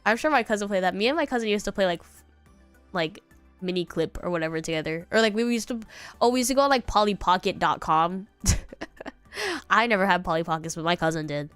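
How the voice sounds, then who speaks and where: Talking a little fast with lively intonation, a young woman streamer sounds congested as she rambles through casual chat and occasionally sings snatches of songs. Her mid-range voice is clear, resonant and fairly bright. The recording is dry, with soft music in the background.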